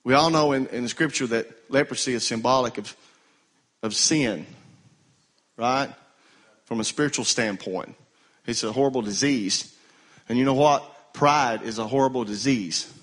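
A man's voice: medium pitch, moderate pace, long pauses, fairly bright tone. A male pastor preaching a sermon, calling on the congregation to answer him. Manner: call-and-response preaching, urging the congregation to answer.

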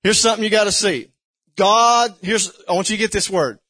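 A man preaching a sermon, fervent and building to shouts with repeated questions. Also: high voice, a little fast.

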